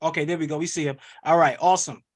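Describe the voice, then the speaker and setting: A man coaching on an online webinar, rallying listeners with an energetic, preachy call-and-response style over a video call. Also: fairly high pitch, very fast. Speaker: wealth coach hosting a webinar. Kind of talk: hype motivational webinar coaching.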